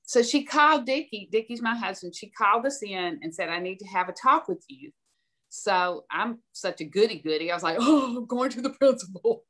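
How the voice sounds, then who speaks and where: A woman's voice: medium pitch, expressive, moderate pace, sharp tone. An older woman from the American South, a podcast guest giving direct, emphatic advice and telling stories. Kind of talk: conversational advice.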